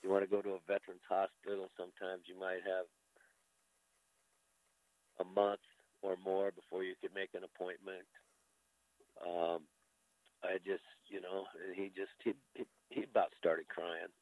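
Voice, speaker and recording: A man's voice: low voice, completely flat delivery, a little slow, long pauses, a little mellow, no echo, poor audio. An older man from the United States, a veteran, telling a personal story in conversation, candid and openly emotional, with casual swearing.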